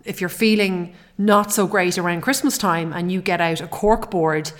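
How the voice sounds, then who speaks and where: A woman's voice: fairly low pitch, steady tone, moderate pace. A middle-aged woman hosting a podcast, talking in an earnest, heartfelt way with frequent restarts. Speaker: podcast host. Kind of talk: personal podcast monologue.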